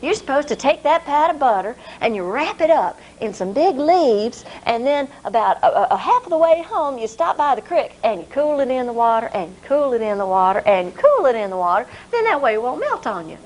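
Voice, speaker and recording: Lady doing a fed-up mama, scolding her boy, high and lively. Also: brisk, hardly any pauses, lo-fi sound. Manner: scolding, exasperated. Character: scolding rural mother, exasperated but loving.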